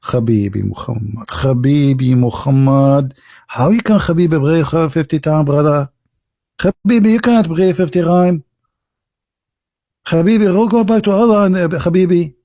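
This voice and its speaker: A man's voice: on the high side, moderate pace, warm tone, no room sound. A man putting on a chummy older man who coaxes with repeated terms of endearment. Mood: coaxing. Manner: repeats a term of endearment, coaxing.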